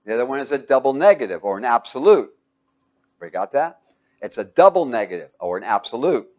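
Male Bible teacher, mid-pitched, excitable, quizzes his class with fill-in-the-blank questions. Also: brisk. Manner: excitable, with sudden exclamations.

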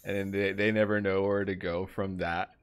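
A man's voice: deep voice, flat delivery, moderate pace, smooth. A young man live-streaming a game, chatting casually and rambling to his viewers, greeting them by name.

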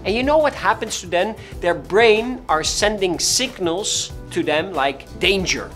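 A man coaching real estate agents on cold calling, animated and emphatic, who repeats his key points. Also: high-pitched, unhurried, soft background music. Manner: acts out callers' voices. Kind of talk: instructional talk to camera.

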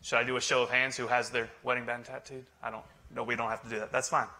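A man's voice: medium pitch, level tone, fast talker, sharp tone. A male pastor preaching a sermon in a joking, conversational way, teasing his congregation. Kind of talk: humorous sermon.

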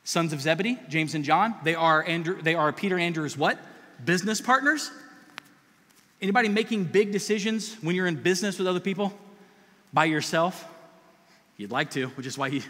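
A man preaching a sermon as pastor, animated and conversational, with asides to the congregation. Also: fairly high pitch, big-room sound.

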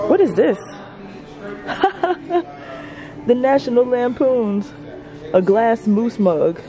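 A woman's voice: a little high, slow, pauses often, over music. A woman vlogging as she browses a large store, gushing over products and talking to her viewers. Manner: gushing, excitable, addresses viewers as y'all. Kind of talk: shopping vlog narration.

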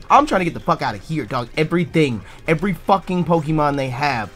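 A young man giving casual, profane let's play commentary, bursting into loud yells. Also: fairly high pitch, very animated, quick pace. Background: faint game music.

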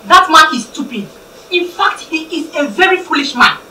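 A woman's voice: sits high, lively intonation, moderate pace, bright, forceful tone, a little hiss or hum, heavily acted. An actress playing a protective, indignant mother, speaking Nigerian English. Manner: indignant, scolding. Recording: echoey room, mic far off.

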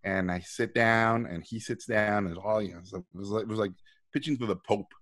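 A middle-aged man with a fairly low, somewhat bright voice talks a little fast as a guest on a live video call. Telling stories casually and animatedly, he acts out quoted voices and swears freely.

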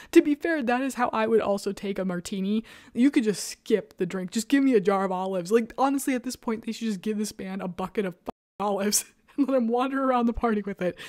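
Woman, casual host, keeps giggling mid-sentence, sarcastic, animated, dry close sound. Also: medium pitch, normal speed, no room sound. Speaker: podcast host. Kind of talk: casual chat reviewing comics.

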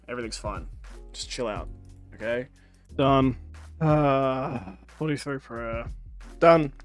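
A man's voice: mid-range voice, slow pace, pauses often, soft background music. A man giving casual, profane, rambling commentary to viewers while playing a game. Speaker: gaming commentator.

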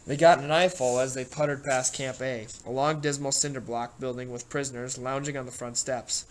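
A man narrating a novel aloud with steady, plain delivery. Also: mid-range voice, poor audio. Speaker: audiobook narrator. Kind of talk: scripted narration.

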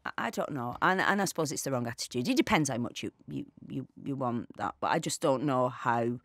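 A woman's voice: a bass voice, fairly quick, no room sound, studio quality. A woman, an actor chatting as a podcast guest and acting out the voices in her stories. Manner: animated storyteller, acts out quoted voices. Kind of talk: casual interview chat.

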